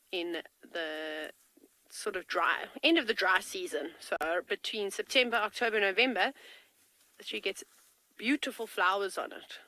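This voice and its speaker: A woman's voice: mid-range voice, bright, forceful tone, dry recording, poor audio. A woman safari field guide giving chatty, enthusiastic live commentary from a game-drive vehicle, with a tickle in her throat. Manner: chatty and enthusiastic, talks to kids.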